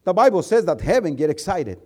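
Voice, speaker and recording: A male preacher and missionary telling a story in a sermon, animated and repeating words as he gets excited. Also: high-pitched, a little fast.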